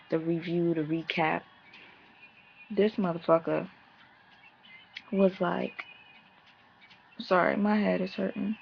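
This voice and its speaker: A woman's voice: on the low side, gravelly, muffled recording, slight background noise. A woman giving a brash, profane, sassy casual recap of a reality show episode. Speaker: vlogger reviewing a reality show.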